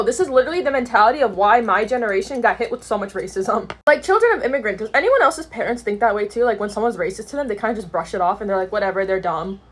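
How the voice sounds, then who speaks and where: Young woman vlogger, quick-paced, slangy storytelling with frequent laughs. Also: on the high side. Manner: animated, laughing often, slangy. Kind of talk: casual storytelling to camera. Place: New York City.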